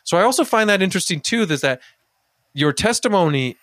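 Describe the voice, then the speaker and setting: A man's voice: sits high, lively intonation, brisk, fairly bright tone, dry recording. A man co-hosting a casual talk podcast, telling a story in a chatty way, swearing freely and filling with "like". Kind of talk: casual chat.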